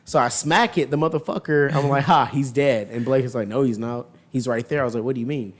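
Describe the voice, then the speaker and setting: A man's voice: mid-range voice, quick pace. A man on a podcast telling a rambling, profane story in a casual chat. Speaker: podcast host.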